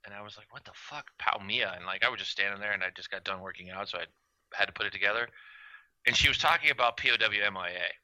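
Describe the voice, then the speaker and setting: A man co-hosting a podcast, telling funny stories in a lively, profane way. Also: on the low side, racing, no room sound, poor audio. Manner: animated storyteller, profane. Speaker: guest co-host.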